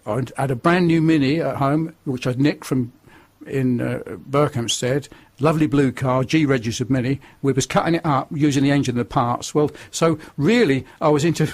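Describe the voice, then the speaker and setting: Older guy from the north of england on a radio interview, husky and a bit high, blunt and preachy. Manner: forthright, preachy. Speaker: guest. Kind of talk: radio interview, personal testimony.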